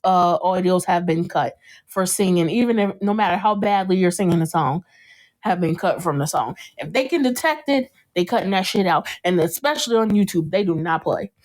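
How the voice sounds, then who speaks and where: A woman's voice: lowish voice, brisk. A young adult woman hosting a podcast, chatting casually and acting out scenes from a show with frequent laughter. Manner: animated storytelling, breaks into laughter, acts out scenes. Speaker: podcast host. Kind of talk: casual chat.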